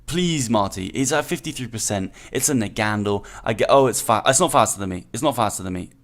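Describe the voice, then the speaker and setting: A man's voice: fairly low pitch, animated, a little fast, a bit bright. A man, the host of a gaming channel, commentating his own match live, thinking aloud, repeating himself and calling himself an idiot after mistakes. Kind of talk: live play-by-play commentary of a game.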